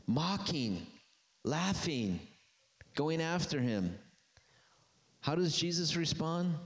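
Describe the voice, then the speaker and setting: A man delivering a sermon, reading scripture in a steady middle register. When he presses a point, his voice climbs high and carries with force. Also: takes it slowly, pauses often. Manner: emphatic, rising to near-shouted peaks when stirred. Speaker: preacher.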